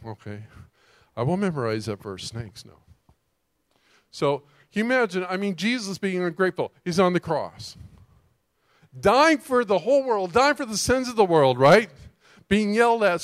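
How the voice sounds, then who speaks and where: A man preaching a sermon as a pastor, animated and emphatic, often putting rhetorical questions to his listeners. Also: sits high, moderate pace, dry recording, clean studio sound.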